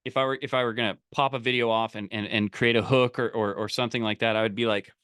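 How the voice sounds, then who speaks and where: Energetic male coach running a live call. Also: medium pitch, quick pace, clear, resonant tone, dry recording, studio quality. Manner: energetic, many restarts and repeats. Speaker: business coach. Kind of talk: live online coaching session.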